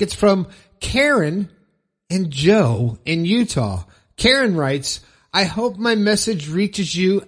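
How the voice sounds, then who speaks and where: A man's voice: sits high, a bit bright. A man hosting his podcast, chatting casually and upbeat, rambling a little and chuckling at his own jokes. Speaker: podcast host. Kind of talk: casual podcast chat with ad reads.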